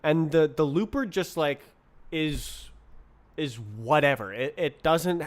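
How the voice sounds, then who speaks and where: Slow, muttering man thinking aloud. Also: on the high side. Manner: mutters to himself, playful nonsense words. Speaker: streamer coding live. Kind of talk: thinking aloud while programming.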